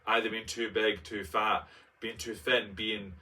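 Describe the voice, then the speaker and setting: A man in his late twenties with a lower-pitched yet bright, forceful voice reads his old essay and stops often for camp, playful commentary. He sits a little back from the mic, so his voice sounds slightly distant. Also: measured pace. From Scotland. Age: late 20s. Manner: expressive, camp, playful asides. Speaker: vlogger. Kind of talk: reading a personal essay aloud and commenting on it.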